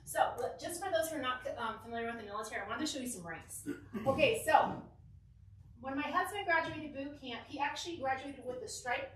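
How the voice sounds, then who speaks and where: A young woman from Southern California telling a lively, giggly personal story to a church youth group, acting out the quotes. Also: sits high, a little fast, distant mic, a little hiss or hum. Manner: animated, giggly, acts out quotes. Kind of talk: casual storytelling talk. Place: church hall. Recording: echoey hall, mic from afar.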